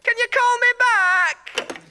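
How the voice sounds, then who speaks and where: A man playing an excitable Victorian male inventor in a comedy sketch, chirpy and eager. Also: very high-pitched, takes it slowly, noisy background. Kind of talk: comic sketch acting.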